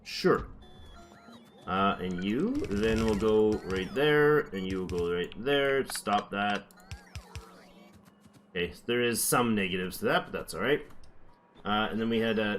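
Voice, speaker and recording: This gameplay streamer has a fairly low but fairly bright voice. Chatting casually as he builds, he thinks out loud and occasionally puts on playful accents.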